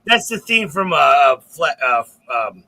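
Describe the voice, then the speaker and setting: High bright rambling comic storyteller man. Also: slow pace, creaky, rough recording. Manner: rambling, profane, animated. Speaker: comedian podcast co-host. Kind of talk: casual comedic storytelling.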